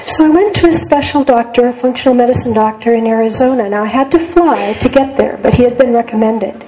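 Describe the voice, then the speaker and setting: A woman's voice: a little high, fast, hardly any pauses, warm tone, slight background noise, poor audio. An older woman psychologist giving a talk to a group, speaking earnestly and repeating words for emphasis. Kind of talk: lecture to a group.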